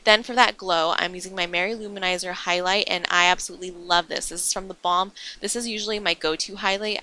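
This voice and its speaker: A woman's voice: on the low side, sharp tone. A young woman talking through a makeup tutorial in a chatty, enthusiastic voice-over, explaining each step as she goes. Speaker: beauty vlogger.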